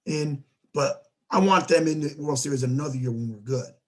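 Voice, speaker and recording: Animated, higher-voiced man telling sports stories. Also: moderate pace. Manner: animated storyteller who acts out quoted dialogue. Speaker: sports show host. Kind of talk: casual sports talk.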